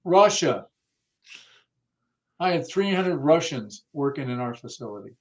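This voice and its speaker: A man with a slightly high voice tells stories in a casual interview, blunt and salty, often slipping into the voices of people he quotes. The sound is a little muffled and lo-fi. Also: very animated, a little slow. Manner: blunt, profane, acts out quoted dialogue. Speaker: guest, car audio industry veteran.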